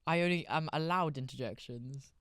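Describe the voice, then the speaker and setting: A man's voice: on the high side, moderate pace, heavy background noise. A man co-hosting a podcast in casual chat, with dry, teasing banter. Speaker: podcast co-host.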